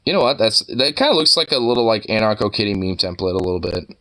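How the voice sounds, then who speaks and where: A man muses aloud as he scrolls through online posts, drifting from topic to topic and swearing casually. His voice sits a bit low but comes across bright and forceful. He talks in loose, restarting sentences packed with fillers. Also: fast. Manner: profane, rambling, full of fillers and restarts. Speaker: streamer browsing online posts. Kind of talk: casual rambling commentary.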